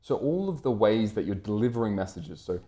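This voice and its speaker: Low, mellow male voice, British-raised, rambling lecture delivery with ums and restarts. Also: big pitch swings, fairly quick. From Britain. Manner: wordy, lots of fillers and restarts. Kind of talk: unscripted lecture-style commentary.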